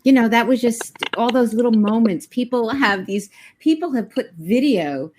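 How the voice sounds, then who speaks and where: A woman's voice: a little high, expressive, moderate pace, darkish tone. A woman voice actress chatting on a video call, enthusiastic and teasing. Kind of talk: casual chat.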